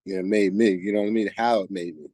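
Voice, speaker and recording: A man's voice: sits low, fairly even intonation, fast, dark tone, dry recording. A man in his forties from New Jersey, a guest on a podcast, speaking in a laid-back, reflective way and often saying "you know what I mean". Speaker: guest softball player. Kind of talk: casual interview chat.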